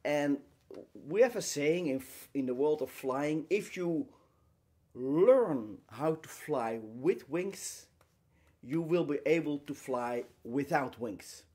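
A man delivers an inspirational lecture full of emphasis and rhetorical questions, speaking in short, paused phrases and repeating key words. His voice is a little high and animated, with a darkish tone and a breathy edge.

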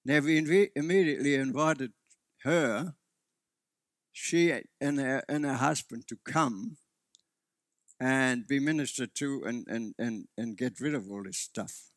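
A man's voice: medium pitch, measured pace, dry recording, clean studio sound. A man preaching a sermon as pastor, earnest and often restarting his sentences. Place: church.

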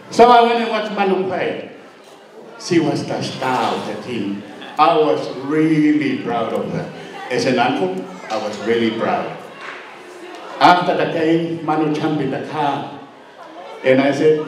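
A middle-aged man from Tonga, an uncle giving a humorous storytelling speech at a birthday party, teasing and joking with sudden high swoops in pitch. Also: animated, unhurried, long pauses, slight background noise. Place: party hall. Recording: very echoey hall, distant mic.

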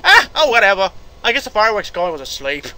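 A gaming commentator talking casually through retro games, excitable, yelping, laughing and cursing mildly at each mistake. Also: medium pitch, fast talker, slight background noise. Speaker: gameplay commentator. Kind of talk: casual let's-play commentary. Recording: game music playing behind.

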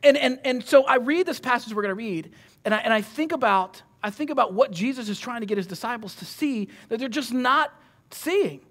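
A man preaching a sermon in a conversational, animated way, often restarting his sentences. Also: extremely high pitch, a little fast.

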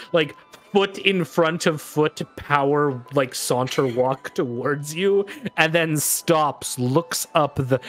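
A man's voice: mid-range voice, a bit bright. A man narrating a tabletop game as game master, with loose, filler-heavy description and playful detail.

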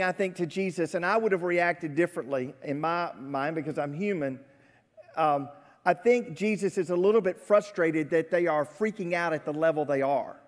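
A man preaching a sermon as pastor, talking with his congregation in a conversational way and asking them questions. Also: high voice. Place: church sanctuary. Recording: church livestream with long hall reverb.

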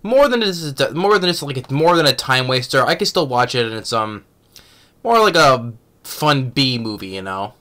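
A man's voice: mid-range voice, animated, sharp tone. A young man giving a casual film review who rambles and halts, restarting his sentences often. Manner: rambling, halting, many restarts and fillers. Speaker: movie reviewer.

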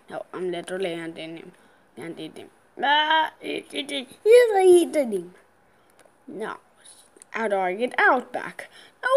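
A woman giving casual gameplay commentary, excitable, gasping and squealing at the game, with playful sing-song chanting. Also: mid-range voice, a little slow.

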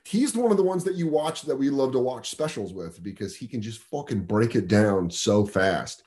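A man, a comedian guest on a podcast, chatting casually and telling stories with quick put-on voices. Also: medium pitch. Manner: loose, animated storytelling with quick voices.

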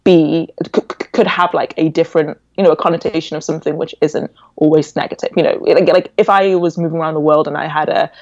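A woman in her twenties with an English accent, raised in England after a Nigerian birth, telling stories as a podcast guest in an animated, reflective way. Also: low-pitched, fast talker, dry recording. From born in Nigeria, raised in England. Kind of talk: casual interview chat. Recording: dull, dry lo-fi audio.

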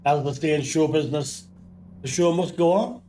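A man with a Geordie accent hosting a casual game commentary, his voice croaky from flu, talking in a relaxed, rambling way with many ums. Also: fairly high pitch, moderate pace, slight background noise. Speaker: gaming channel host.

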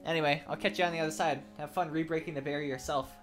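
A man reading the lines of a brisk, teasing young woman in a game, in a dry, matter-of-fact tone close to his own voice. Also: fairly high pitch, steady tone, fairly bright tone, soft background music, lightly acted. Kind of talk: reading game dialogue aloud.

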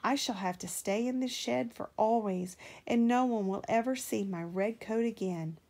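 A proud, sulky young red steam engine, put on by a woman reading a storybook, whiny when glum and puffing with stubborn determination. His voice sits higher and louder than the narration. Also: moderate pace. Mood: sad.

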